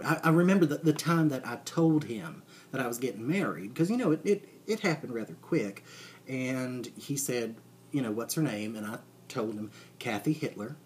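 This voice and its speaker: A man speaking in a rambling, deadpan comic monologue, stumbling through restarts and fillers. His voice sits at an ordinary middle pitch. A faint hum runs under the recording. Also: moderate pace. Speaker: comedic character monologue.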